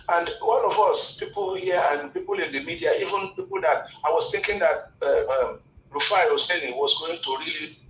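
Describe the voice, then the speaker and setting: A man with a high-pitched voice rants with exasperation, repeating himself for emphasis. He is calling in by phone, and the line sounds echoey with a faint hiss behind him. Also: sharp tone. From Nigeria. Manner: impassioned, repetitive, exasperated. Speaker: caller. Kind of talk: call-in commentary.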